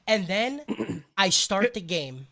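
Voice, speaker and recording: A man's voice: sits high, animated, slow, vocal fry, pushed and bright. A man co-hosting a podcast, rowdy and profane, saying dude a lot in crude casual chat. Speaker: podcast co-host.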